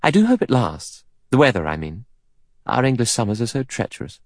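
Brisk, chatty young woman secretary, raised and lively, read by a male narrator. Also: mid-range voice, dry recording, studio quality, voice pushed up. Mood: brisk, eager. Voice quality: crisp, bright and decisive.

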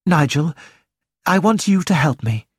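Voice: mid-range voice, expressive, unhurried, slightly rough, no echo, clean studio sound. A reader voicing firm hostel matron Mrs Hubbard. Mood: serious. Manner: firm, serious. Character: middle-aged woman running a student hostel, firm. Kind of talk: audiobook character voice.

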